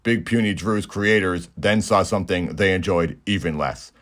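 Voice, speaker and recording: A man in his thirties giving a deadpan, joke-filled comedic recap of a movie as the host of his show. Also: deep voice, moderate pace. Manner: deadpan, absurd jokes. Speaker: movie reviewer.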